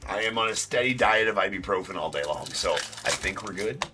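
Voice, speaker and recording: A man's voice: lowish voice, lively intonation, brisk, background noise. A man hosting a live-stream card break, talking loosely and casually, swearing and then jokingly apologizing. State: sore tooth.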